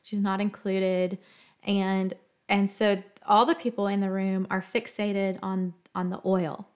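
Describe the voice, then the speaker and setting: A woman hosting a faith talk, speaking earnestly and emotionally in a gentle storytelling tone. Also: mid-range voice, little pitch movement, measured pace. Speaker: podcast host.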